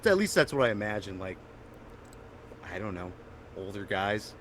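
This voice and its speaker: A man's voice: fairly low pitch, moderate pace, a little hiss or hum. Rambling young man hosting a podcast. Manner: rambling storyteller, animated and loud when excited. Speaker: podcast host. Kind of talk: casual chat.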